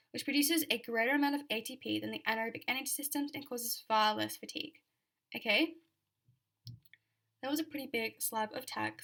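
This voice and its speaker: A woman's voice: a little high, a bit bright. A young Australian woman giving a chatty exam revision lecture, full of fillers and repeated key points.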